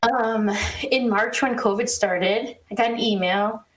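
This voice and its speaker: A woman co-hosting a podcast, telling a story in a casual, animated way with quick asides and exasperated laughs. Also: fairly high pitch, poor audio. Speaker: podcast co-host.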